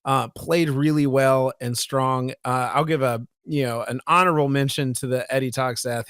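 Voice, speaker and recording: A man's voice: medium pitch, fairly bright tone, no room sound. A man in the middle of his range talks sports on a podcast, keen and a little tumbling, often circling back to restart a thought. The sound is close and dry, with almost no room around it. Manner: enthusiastic, restarts and repeats words often. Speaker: podcast co-host. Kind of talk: casual sports podcast chat.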